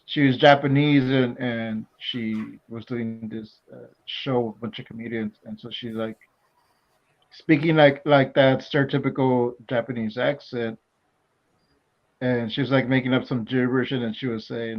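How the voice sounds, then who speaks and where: A man's voice: medium pitch, steady tone. Hesitant man on dull lo-fi audio. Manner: halting, hesitant recounting. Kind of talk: casual chat.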